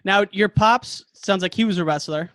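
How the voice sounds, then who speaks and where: Upbeat male podcast host with a bright pitch. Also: normal speed, no room sound, clean studio sound. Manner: enthusiastic, laughs often. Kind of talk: casual interview.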